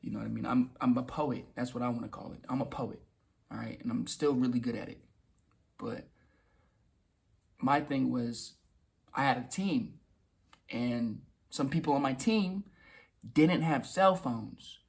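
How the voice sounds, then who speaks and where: A young man talks straight to his vlog audience in a loose, rambling way. He restarts sentences, repeats words and drops the odd curse. His voice is husky and sits at an ordinary pitch. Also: measured pace, long pauses. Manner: swears casually. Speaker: vlogger. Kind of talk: casual storytelling monologue.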